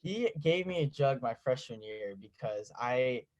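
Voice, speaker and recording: A man's voice: medium pitch, lively intonation, a little slow. A teenage boy co-hosting a podcast, telling an anecdote in a laid-back way and acting out the quotes. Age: teens. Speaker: podcast co-host. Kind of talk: casual podcast storytelling.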